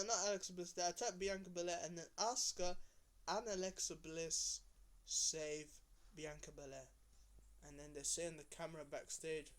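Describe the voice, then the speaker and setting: A man giving a casual, rambling recap of a wrestling episode. He talks with lots of fillers and restarts, and he briefly changes his voice when he quotes people. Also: high voice. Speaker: wrestling show reviewer.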